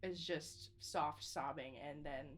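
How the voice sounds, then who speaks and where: A woman playing a character in a tabletop game, talking in an emotional, halting way. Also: deep voice, steady tone. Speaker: player.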